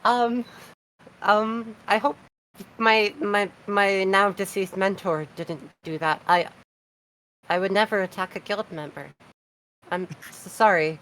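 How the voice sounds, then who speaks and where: A woman's voice: medium pitch, steady tone, slow pace, long pauses, fairly bright tone, rough recording. A woman playing a tabletop game, blunt and casually swearing. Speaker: player.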